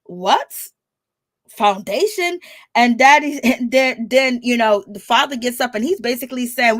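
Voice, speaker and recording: A woman's voice: a little high, no echo. A woman hosting a casual reality TV recap, chatting animatedly, laughing often and acting out what people said. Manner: animated, laughing, reenacts quotes with rising squeals.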